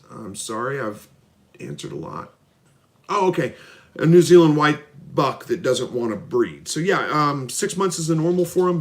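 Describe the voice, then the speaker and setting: A middle-aged man hosting a casual live stream, reading out viewer comments and answering in a relaxed, folksy way. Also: mid-range voice. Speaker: livestream host answering viewer questions. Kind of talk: casual live Q&A about raising rabbits and quail.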